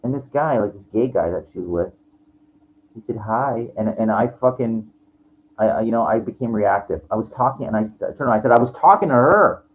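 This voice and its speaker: A man in his forties rants into his own vlog camera, swearing as he rambles, restarting often and throwing in frustrated asides. His voice is fairly low, fairly quick and a little mellow. The lo-fi recording carries faint background noise.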